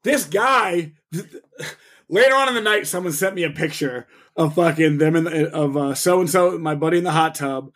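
A young man with a slightly raised voice tells a story on a podcast, lively and full of cursing. He acts out what others said as he goes, in a loose, casual way. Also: fairly high pitch, normal speed. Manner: animated, profane, acts out quotes. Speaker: podcast co-host.

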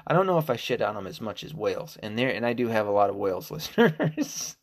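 A middle-aged American man talks alone into his podcast mic in a fairly low voice. He rambles, swears freely and drifts off topic. Now and then he jumps into a high, scornful quoting voice. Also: sing-song, quick pace. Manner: rambling, profane, jumps to loud mocking quotes. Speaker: podcast host. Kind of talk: casual solo commentary.

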